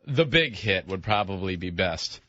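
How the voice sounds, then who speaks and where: A man's voice: low voice, moderate pace, no echo, dull audio. A man hosting a morning radio show, telling stories in casual banter and mimicking other people as he goes. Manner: animated storyteller, mimics others and himself. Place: radio studio.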